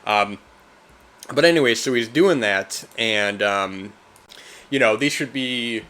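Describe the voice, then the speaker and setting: A man with a medium-pitched voice speaks slowly as he hosts a film podcast. His review is a loose, rambling casual talk, often tossing in "man" and getting animated when he mimics reactions.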